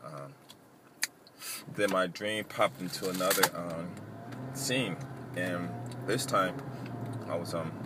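Deep-voiced man rambling over traffic noise. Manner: rambling, halting, lots of fillers. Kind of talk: casual storytelling.

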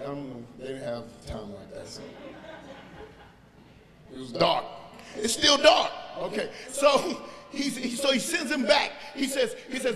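A man pastor preaching a sermon, telling the story with animated voices and building up to shouts, heard in a large church sanctuary over long reverb with the congregation. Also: high-pitched, moderate pace, a crowd in the background.

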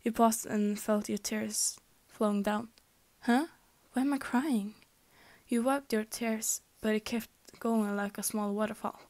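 Here a young woman reads a fanfic at a measured pace with barely any pauses, her mid-range voice level and darkish. It's an informal, amateur reading full of stumbles and restarts, with occasional whispering.

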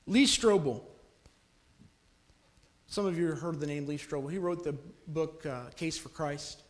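A man's voice: fairly high pitch, unhurried. A man preaching a sermon in a church, telling a story earnestly and pressing his listeners with urgent appeals.

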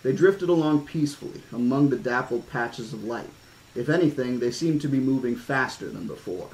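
A man reading a novel aloud in a measured, horror-toned style, now and then breaking off with casual asides. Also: mid-range voice, darkish tone, slight background noise, rough recording. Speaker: audiobook reader.

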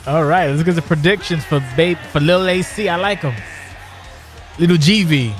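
High-voiced, excitable male game commentator. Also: normal speed, faint music behind. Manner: animated, jokey, shouts and laughs at big moves. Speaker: live stream host and wrestling game commentator.

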